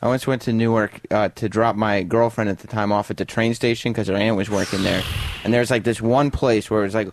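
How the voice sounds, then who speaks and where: A man's voice: lowish voice, fairly even intonation, a little fast, dry recording. A man on a radio talk show casually telling a personal anecdote.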